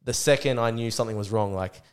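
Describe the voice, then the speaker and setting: A young Australian man, a podcast guest, telling a story in a rapid, profane, excitable way. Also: lowish voice, smooth. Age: young adult. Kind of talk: casual storytelling.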